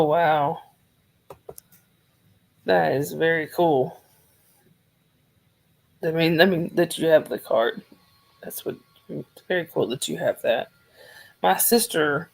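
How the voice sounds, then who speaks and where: A woman from Georgia, chatting softly and rambling on a livestream while losing her voice. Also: low voice, slow, gravelly, long pauses. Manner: soft-spoken, rambling, talks to chat viewers by name. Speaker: livestream host. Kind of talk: casual livestream chat.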